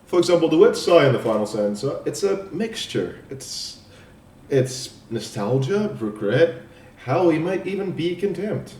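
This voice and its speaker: A man presenting a spoken poem analysis as a student assignment, explaining in a halting way with restarts. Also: on the high side, sing-song, a little mellow. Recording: echoey room, distant mic.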